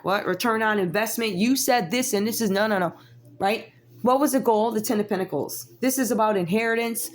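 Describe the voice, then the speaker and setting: A woman's voice: a little high, fairly quick, soft background music. A woman, giving a casual tarot reading with sassy, chatty asides to her viewers. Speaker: tarot reader.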